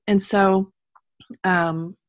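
A woman's voice: mid-range voice, level tone, extremely slow, no echo, studio quality. A woman from Texas telling a personal story in a casual interview, rambling with many ums and restarts and sincere talk of faith. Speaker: guest telling her story.

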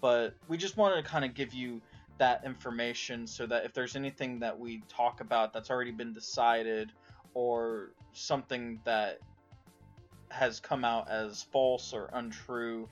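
A man's voice: medium pitch, steady tone, a little slow, highs cut off, soft background music. A man, the podcast's co-producer, giving a plain, explanatory introduction with many fillers. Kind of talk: spoken episode introduction.

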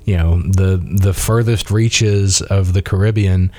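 A man's voice: deep voice, steady tone, measured pace, mellow, dry recording. A man from Mississippi chatting casually as a guest, telling rambling stories with many fillers and restarts. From Mississippi, USA. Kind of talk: casual conversation.

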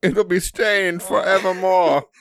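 A man voicing a fussy, snobbish old-time gentleman in a mock-posh, exaggerated manner. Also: high-pitched, fairly even intonation, slow pace, vocal fry, voice pushed up, full character voice. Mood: mock-aghast. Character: fussy snobbish 1910s gentleman fretting over his snood.

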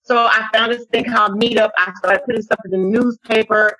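A woman guest on an interview show telling her own story in a lively, conversational way, often acting out what people said. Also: on the high side, fairly quick, no room sound, poor audio. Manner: animated storyteller, acts out quotes. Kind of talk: conversational testimony.

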